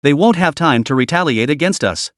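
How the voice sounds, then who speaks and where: A man's voice: fairly high pitch, lively intonation, brisk, fairly bright tone, dry recording, clean studio sound. A man voicing a jealous, domineering female sect leader who talks in a cold, sneering, commanding way.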